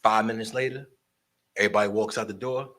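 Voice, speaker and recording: A man telling animated stories about promoting shows, swearing freely and acting out the voices of the people in them. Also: lowish voice, fast talker. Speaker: guest storyteller, concert promoter and barber. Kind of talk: casual storytelling interview.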